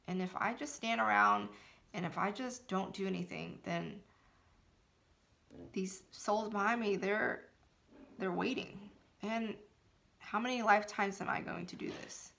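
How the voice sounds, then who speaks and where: Woman, motivational spiritual talk, slow and earnest, bright edge with vocal fry. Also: medium pitch, fairly even intonation. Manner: earnest, emphatic, laughs between phrases. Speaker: spiritual coach.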